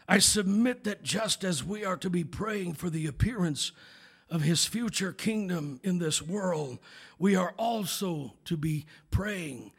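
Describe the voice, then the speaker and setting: Male pastor, gravelly and husky, slow sermon delivery that swells into shouts. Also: fairly high pitch. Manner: preaching cadence, building to shouted climaxes.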